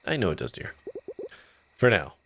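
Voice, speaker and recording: A man's voice: lowish voice, big pitch swings, normal speed, creaky, background noise. A man voicing a doting, scolding mother bear in a video game. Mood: tender. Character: fussy, worried mother bear.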